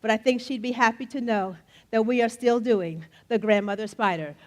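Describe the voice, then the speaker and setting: A middle-aged woman telling folktales live in a festival tent, playful and animated, joking with the audience and leading them in refrains. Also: fairly high pitch, normal speed. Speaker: storyteller. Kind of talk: live storytelling performance. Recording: faint audience crowd behind. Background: faint crowd of listeners.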